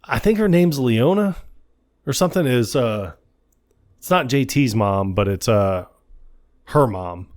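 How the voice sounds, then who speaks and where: A man's voice: mid-range voice, lively intonation, measured pace, pauses often. A man co-hosting a movie podcast, casually retelling scenes and quoting the characters. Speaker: podcast co-host.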